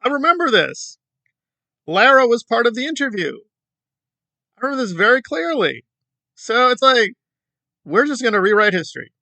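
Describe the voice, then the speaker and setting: A man's voice: very high-pitched, sing-song, normal speed, vocal fry, long pauses, pushed and bright, no room sound. A man giving sarcastic, mocking commentary on an online video feud. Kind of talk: reaction commentary.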